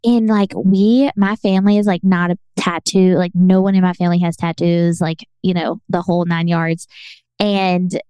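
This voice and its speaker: A young woman, co-hosting a podcast and telling a story in an animated, laughing way, full of fillers. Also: fairly low pitch, normal speed, smooth, dry recording. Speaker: podcast co-host. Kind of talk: casual storytelling chat.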